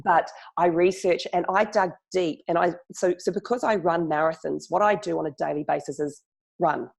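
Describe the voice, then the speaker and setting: Kiwi woman guest, gravelly lowish voice, rapid chatty delivery with frequent laughs. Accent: New Zealand. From New Zealand. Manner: fast-talking, laughs often, animated retellings. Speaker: guest, marketing speaker. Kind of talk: casual podcast interview.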